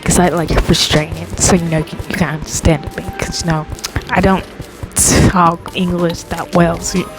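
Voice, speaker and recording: A young woman telling a childhood story in a casual, rambling way, full of fillers and deliberately slow. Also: lowish voice, level tone. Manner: rambling, filler-heavy, talks slowly on purpose. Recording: background music under the voice.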